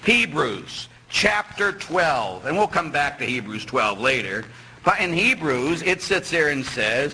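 A middle-aged man, a Catholic priest, giving a lively, teasing sermon in which he acts out the voices of the people he quotes. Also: fairly high pitch, unhurried, a little hiss or hum, rough recording.

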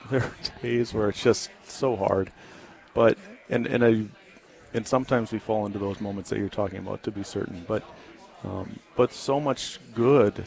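A man guesting on a talk radio interview, speaking earnestly and haltingly with many ums and restarts. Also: on the low side, gravelly, darkish tone. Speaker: guest, ministry founder.

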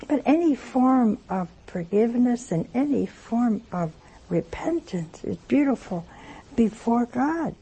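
A woman preaches a sermon in a somewhat high, husky voice with a gravelly edge. She tells humorous anecdotes and leans on slow, emphatic phrasing. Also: sing-song, mellow. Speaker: religious speaker. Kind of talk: sermon with storytelling.

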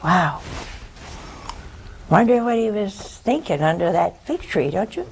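An older woman preaching a folksy, animated sermon, swinging between loud bursts and hushed asides. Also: medium pitch, unhurried, creaky, slight background noise, poor audio.

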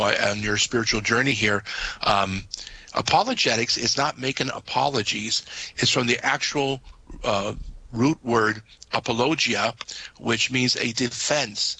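A male priest with a gravelly, husky voice that still carries a bright, forceful edge. He explains doctrine patiently on a call-in radio show and often pauses on "uh". His pitch sits in the middle of the male range. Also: no echo, poor audio. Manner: patient, explanatory, frequent "uh" fillers. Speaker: Catholic priest answering listener questions.

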